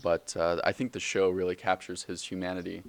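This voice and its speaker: Deep-voiced young man rambling on a podcast. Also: little pitch movement, fairly quick, gravelly. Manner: rambling, joking, self-correcting with many fillers. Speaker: podcast host. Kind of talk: casual solo podcast monologue.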